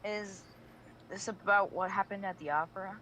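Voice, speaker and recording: A woman voicing a firm, caring young female vigilante in a live fan audio drama read, teasing at times and softly concerned. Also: mid-range voice, steady tone, moderate pace, slight background noise, close to an everyday voice, poor audio. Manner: teasing then soft and concerned.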